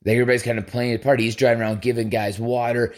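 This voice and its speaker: A man's voice: medium pitch, little pitch movement, racing, darkish tone. A man hosting a podcast, telling a long story in a casual, rambling way, swearing freely and acting out his own thoughts. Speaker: podcast host.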